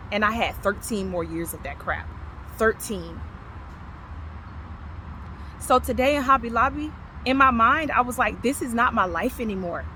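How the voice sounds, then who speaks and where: Woman in her thirties, heated personal testimony, bright high-ish voice, faint traffic behind. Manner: impassioned, repeats herself, swings from loud to low. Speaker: vlogger sharing her testimony.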